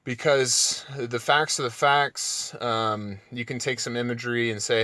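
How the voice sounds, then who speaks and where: A man's voice: normal speed, hardly any pauses, dry recording. A man ranting casually to his viewers, sarcastic and mocking, swearing freely, his voice jumping up when he mimics others. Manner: excitable, voice jumps high when mocking. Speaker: channel host.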